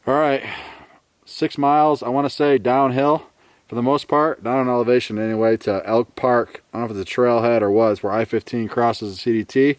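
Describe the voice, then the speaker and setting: A man talking casually to his camera while out on a long hike, swearing freely and rambling in a relaxed way. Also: medium pitch, fairly quick, no echo. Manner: profane, laid-back, rambling. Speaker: thru-hiker vlogger. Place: outdoors on a trail, later a hotel room.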